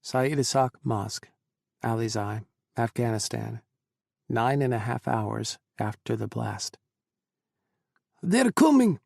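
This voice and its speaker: A male audiobook narrator with a gravelly, textured voice at a mid pitch. His dramatic reading is measured and even. The sound is dry and close, with no room around it. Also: no room sound.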